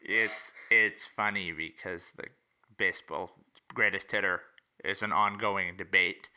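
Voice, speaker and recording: A man's voice: low voice, fairly even intonation, unhurried, pushed and bright, clear, resonant tone. A man co-hosting a podcast in casual chat, telling corny jokes and then explaining them. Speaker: podcast co-host.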